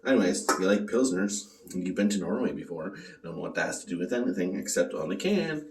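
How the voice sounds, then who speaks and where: A man rambles through a beer tasting, cracking jokes and swearing freely. His voice sits fairly low but swings widely in pitch. The room is echoey, and he is a little way off the mic. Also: animated, fast talker, darkish tone, distant mic, slight background noise. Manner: profane, joking, rambling. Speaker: beer reviewer. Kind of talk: casual beer tasting vlog.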